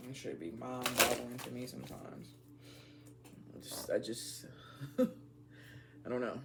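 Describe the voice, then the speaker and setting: A woman's voice: rumbling low, lively intonation, slow pace, gravelly, heavy background noise. A woman hosting a casual tarot reading, talking straight to her viewers in a blunt, slangy, profane way. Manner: talks straight to viewers as y'all. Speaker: tarot reader.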